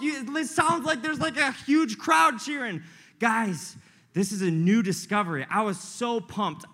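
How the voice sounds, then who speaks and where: A young man preaching a casual, joking sermon to a live group as a youth pastor, excitable and full of slang. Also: high-pitched.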